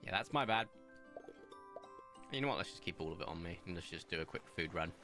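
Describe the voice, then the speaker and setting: A man's voice: deep voice, expressive, fairly quick. A young man chatting casually while streaming a video game, rambling into stories and asides. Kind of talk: casual gameplay commentary. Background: faint game music.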